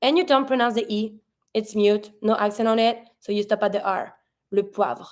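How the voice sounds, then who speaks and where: A woman with a French Canadian accent teaching French pronunciation, spelling out sounds and slowing down for each model word. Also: medium pitch, steady tone, darkish tone. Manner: patient, spells out sounds, slows down for model words. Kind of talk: pronunciation lesson.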